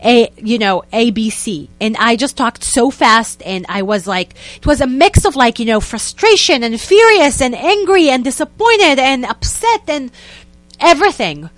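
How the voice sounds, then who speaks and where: A young woman, a guest telling a story in a lively, casual way and acting out what people said. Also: on the high side, normal speed, no room sound. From Israel. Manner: animated, acts out quotes in other voices, many "like" fillers.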